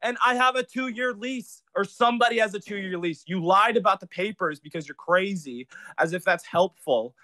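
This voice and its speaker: A man's voice: high voice, bright, forceful tone, no room sound. A young adult man in a heated, sarcastic argument with his father, accusing him and talking over him. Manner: sarcastic, accusing, rapid back-and-forth.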